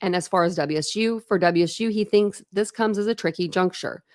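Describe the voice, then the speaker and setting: During a thunderstorm, a woman livestreams a casual read-through of a book from her home, frequently breaking off to chat, laugh or stumble on hard words. She speaks briskly in a lowish voice, on a dry, clean studio recording.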